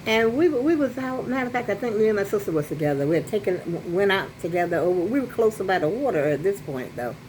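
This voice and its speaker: An older vlogger at home rambles through a chatty story to the phone on her selfie stick, restarting and digressing often. Her mid-range voice is expressive and darkish, rushing along with few pauses, and the rough recording carries a little hiss or hum.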